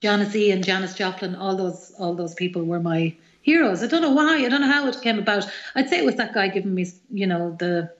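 A middle-aged woman with an Irish accent, a singer-songwriter telling animated, rambling stories as a guest in an interview. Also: mid-range voice, a little fast, hardly any pauses, reverberant, muffled recording. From Ireland. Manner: rambling, animated anecdotes with many fillers. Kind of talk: radio interview storytelling.

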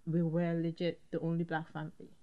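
A young woman from Nigeria, a guest telling stories in a casual chat, lively and quick to laugh. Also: sits low, phone-quality sound. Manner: lively, animated storyteller who laughs often.

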